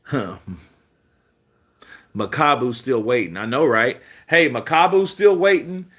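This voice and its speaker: A man's voice: medium pitch, expressive, unhurried, fairly bright tone. A man hosting a live boxing news stream, joking and swearing casually while answering viewer comments. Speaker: host of a boxing news channel.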